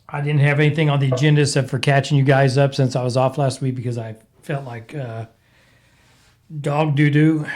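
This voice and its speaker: A Midwestern American man hosts his own casual solo podcast, rambling and venting with a congested, cracking voice as he recovers from illness. His voice is mid-range with a darkish tone.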